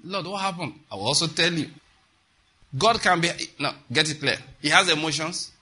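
A man's voice: on the high side, lively intonation, normal speed, bright, forceful tone, husky. A man preaching a sermon with emphasis, often stopping to ask his congregation questions.

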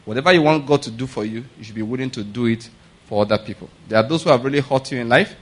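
A man's voice: mid-range voice, fast, rough recording. A middle-aged man with a Nigerian accent, a pastor preaching a sermon in a conversational way, often checking that his congregation follows him.

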